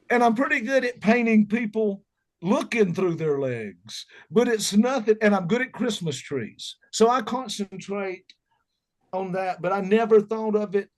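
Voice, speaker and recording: A middle-aged man with a Southern accent, telling folksy, joking stories as an interview guest. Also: sits high. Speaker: musician guest. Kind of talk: casual interview chat.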